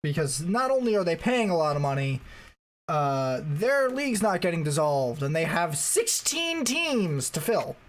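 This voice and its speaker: A man's voice: on the high side, very animated, unhurried. A man co-hosting a casual esports podcast, rambling as he recalls facts aloud. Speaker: podcast co-host.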